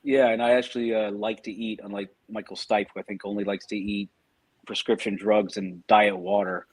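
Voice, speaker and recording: Husky-voiced wry male co-host. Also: lowish voice, little pitch movement, normal speed. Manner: dry, wry humor. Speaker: podcast co-host. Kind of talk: casual live-stream chat.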